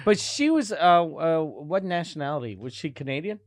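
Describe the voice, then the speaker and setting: A man from Spain tosses out crude, swearing jokes in a loose casual chat. His voice is a little high for a man, recorded dry and close. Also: lively intonation, moderate pace, no room sound.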